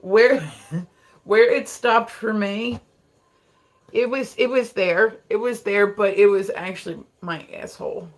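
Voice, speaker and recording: A young adult streamer from Delaware, talking loosely to a live chat, piling on fillers and laughing often. The voice sits at an ordinary middle pitch, with nothing unusual about its sound. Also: fairly even intonation, slow. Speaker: livestreamer.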